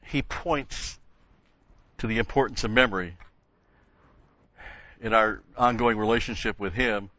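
A man's voice: on the low side, a little slow, pauses often, pushed and bright, no room sound. Older male Bible teacher, emphatic sermon delivery, dry close sound, muffled lo-fi recording. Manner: emphatic, stresses key words, repeats phrases. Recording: dull lo-fi sound.

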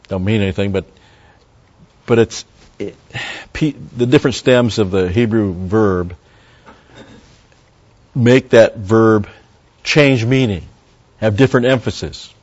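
Low-voiced man teaching scripture. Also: a little slow, long pauses, darkish tone, highs cut off. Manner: conversational, digresses into Hebrew word study; wry asides to the congregation. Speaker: Bible teacher. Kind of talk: verse-by-verse sermon.

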